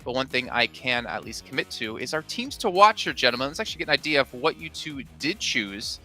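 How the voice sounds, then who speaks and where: A man runs an esports analyst desk at speed, his voice sharp and bright. He throws teasing questions to his co-hosts. Faint music plays behind him. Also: mid-range voice, big pitch swings, fairly quick.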